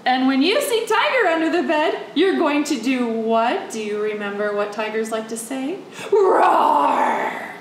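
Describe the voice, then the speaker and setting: A woman's voice: sits high, moderate pace, few pauses, reverberant, distant mic, a little hiss or hum, low-quality recording. A woman working as a children's librarian, reading a picture book aloud and coaxing young children to join in. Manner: animated, coaxing, speaks directly to the kids.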